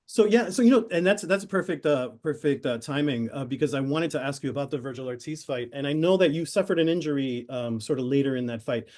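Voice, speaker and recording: A man interviewing a boxer, casual and conversational, dropping quick short acknowledgements. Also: mid-range voice, darkish tone.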